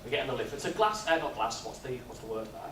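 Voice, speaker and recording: A man, speaking at a business workshop and telling stories in a lively, jokey way. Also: medium pitch, fast talker, slight background noise. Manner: lively storyteller, jokey and animated. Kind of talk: live workshop talk with comic storytelling. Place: expo hall. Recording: echoey hall, mic from far off.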